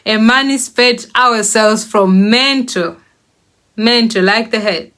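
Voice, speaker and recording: African woman talking slow on her channel, kinda high voice, laughs a lot between bits. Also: fairly bright tone. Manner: laughs often between phrases, slows to stress words. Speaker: channel host. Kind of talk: casual spoken monologue.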